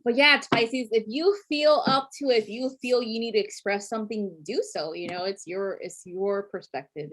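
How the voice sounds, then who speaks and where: A woman talking casually to viewers as a tarot reader, chatty, with lots of fillers and frequent laughter. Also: mid-range voice.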